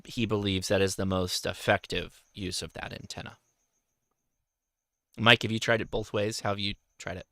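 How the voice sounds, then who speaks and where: A man hosting a casual livestream, talking in a halting way and often correcting himself. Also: lowish voice, fairly even intonation, creaky, a bit bright, no echo, studio quality. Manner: halting, self-correcting, reads viewer questions aloud. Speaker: host.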